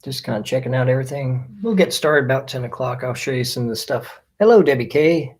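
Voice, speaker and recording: A man's voice: mid-range voice, fairly quick, darkish tone. A man hosting a casual live stream, greeting viewers by name as they join. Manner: friendly, reads out viewer names one by one.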